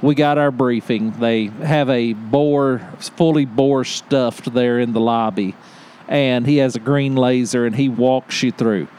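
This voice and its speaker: A man on a podcast telling a hunting story in casual chat, animated and laughing often as he acts out what people said. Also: medium pitch, unhurried, smooth. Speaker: podcast host.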